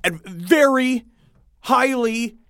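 A man co-hosting a podcast in casual comedic chat, rambling and animated, with silly impressions now and then. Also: very high-pitched, drawn-out words, dry recording, clean studio sound. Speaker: podcast co-host.

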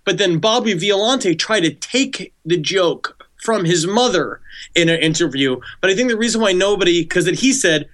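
A man's voice: sits high, expressive, moderate pace, a bit bright. A man co-hosting a podcast, talking in a rambling, jokey way with many restarts. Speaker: podcast co-host. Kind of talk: casual true-crime chat.

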